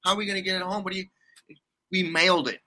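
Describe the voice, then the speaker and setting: A man's voice: sits high, little pitch movement, very fast, sharp tone, a little hiss or hum. A man telling a rambling travel story in casual chat, laughing often and restarting his sentences. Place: condo abroad.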